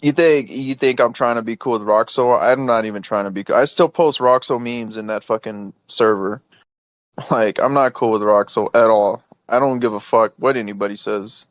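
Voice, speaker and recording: A man speaks insistently over a voice call, exasperated and padding his points with fillers. His voice sits at an ordinary male pitch. The audio is dry and muffled, like a lo-fi chat recording. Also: normal speed, dry recording. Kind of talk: heated private voice call.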